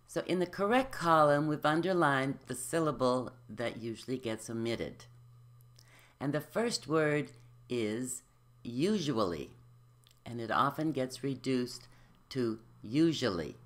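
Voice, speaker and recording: Elocution coach, slow deliberate pace, varied pitch, explanatory drills. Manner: slow, careful, explanatory, models each word. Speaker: elocution teacher. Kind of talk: slow instructional speech drill.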